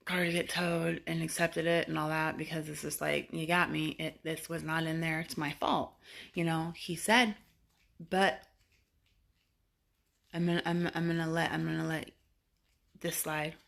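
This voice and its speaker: A woman's voice: sits low, creaky, fairly bright tone. A woman vlogger telling a story casually to camera, rambling with fillers and restarts and swearing freely.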